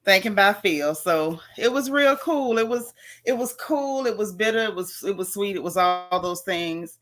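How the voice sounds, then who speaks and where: A woman from Florida, hosting a casual livestream and talking fast and sassily to her viewers. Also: medium pitch, expressive, a bit bright. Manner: fast, sassy, talks straight to viewers. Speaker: livestream host.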